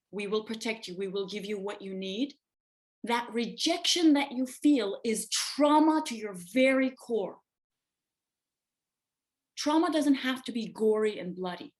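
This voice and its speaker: A woman teaching a reflective self-development lesson, speaking slowly and emphatically, with pauses and repeated phrases. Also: on the high side. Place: room with an open window.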